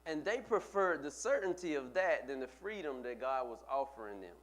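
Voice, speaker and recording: A man's voice: mid-range voice, expressive, normal speed, a bit bright. A male pastor preaching a sermon, building with emphatic, repeated phrases. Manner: preaching with rising emphatic repetition.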